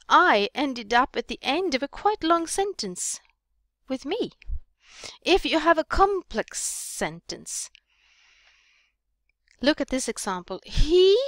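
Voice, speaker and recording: Casting note: Swedish-accented woman teacher, fairly high voice, dry close sound, explanatory delivery. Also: no room sound. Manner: explanatory, reads example sentences aloud with emphasis. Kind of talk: recorded lesson on writing.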